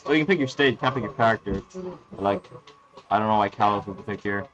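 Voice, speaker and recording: A man's voice: fairly low pitch, quick pace, a bit bright, highs cut off. A young man giving crude, joking, offhand live game commentary. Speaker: esports commentator.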